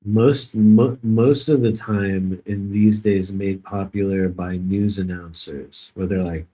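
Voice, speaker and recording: Brief: low-pitched man, rambling joking live stream host, dry sarcasm. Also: steady tone, slow pace, warm tone, rough recording. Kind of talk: casual live stream chat.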